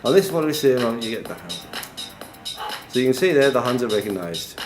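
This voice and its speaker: Over music, a man with a medium-pitched voice and big pitch swings talks briskly through a chatty live tech demo at a conference. In the noisy, echoey room he jokes, laughs frequently and fills gaps with ums.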